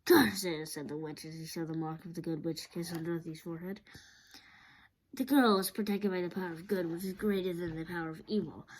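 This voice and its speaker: A woman reading a children's book aloud, steady but often stumbling and restarting. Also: lowish voice, poor audio. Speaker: storyteller.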